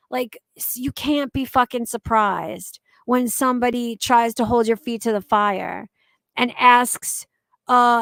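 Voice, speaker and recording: A woman's voice: fairly high pitch, gravelly, dry recording. A young adult woman hosting a casual commentary stream, blunt and profane, reading out and answering viewer comments. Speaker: commentary channel host.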